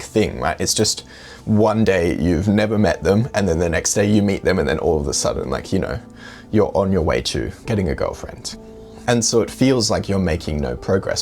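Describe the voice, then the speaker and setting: A man's voice: fairly low pitch, a little mellow. A young adult man casually telling a personal story to camera, reflective and full of "you know" fillers. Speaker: dating vlogger.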